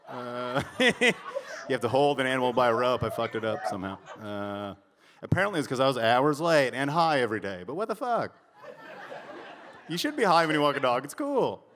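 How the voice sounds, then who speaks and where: A man's voice: medium pitch, in a large hall, slight background noise. A young man doing a stand-up comedy set on a club stage, telling stories in a brash, profane way into a handheld mic. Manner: brash, profane, animated storytelling.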